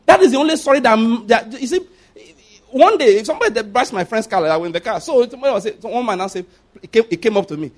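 A man preaching a sermon as pastor, emphatic, often asking the congregation if they follow and swinging between loud and hushed delivery. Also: extremely high pitch, expressive, quick pace.

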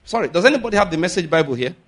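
A man's voice: high-pitched, animated, rapid-fire, fairly bright tone. A man preaching a sermon as pastor, teaching by repeating his points, asking the listeners questions and reading scripture with emphasis. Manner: reads scripture aloud with rising emphasis.

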